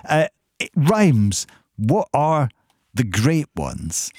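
Male radio host, mid pitch, chatty and amused, dry studio mic. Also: sing-song, very slow, darkish tone, dry recording. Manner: chatty, amused, reads lyrics aloud with relish. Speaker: radio presenter. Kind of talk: radio phone-in chat, reading listener messages. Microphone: studio microphone.

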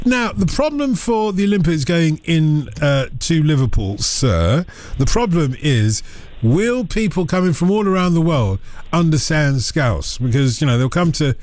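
A man's voice: fairly high pitch, big pitch swings, a little mellow, no echo. A man hosting a radio phone-in, chatting casually and joking with callers. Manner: jokey and chatty, quick asides.

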